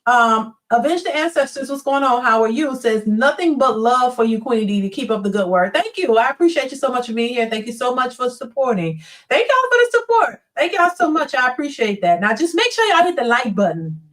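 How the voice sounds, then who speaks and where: A fairly high-voiced woman hosting a live stream, chatting bluntly and with plenty of animation. She sits a little back from the microphone, so her voice comes through somewhat distant. She reads viewer comments aloud and drops into quick imitations of other people. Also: animated. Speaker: live-stream host reading viewer chat.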